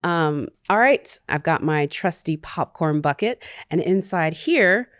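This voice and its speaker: A woman's voice: low voice, expressive, no room sound. A woman hosting an interview in a bubbly, chatty way. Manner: bubbly, chatty, quick to laugh. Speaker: interview host. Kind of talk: casual interview talk.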